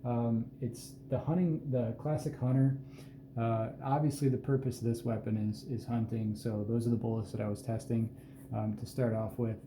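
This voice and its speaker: A man giving an unhurried, plain-spoken walkthrough at an indoor reloading bench, with self-deprecating asides. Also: mid-range voice, little pitch movement, noisy background. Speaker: host showing his hand loads. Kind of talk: casual hands-on explanation. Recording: roomy echo with faint ambience.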